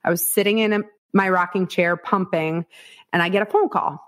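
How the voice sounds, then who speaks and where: Frank, animated woman telling her story. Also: fairly low pitch, moderate pace. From Iowa, United States. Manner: frank, animated, acts out quotes, swears, laughs often. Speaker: podcast guest. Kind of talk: candid storytelling interview.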